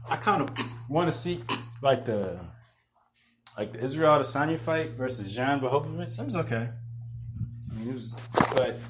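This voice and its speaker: A man hosting a podcast, rambling in excitable, profane casual chat full of restarts. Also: fairly high pitch, slight background noise. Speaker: podcast host. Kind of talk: casual chat about MMA fights.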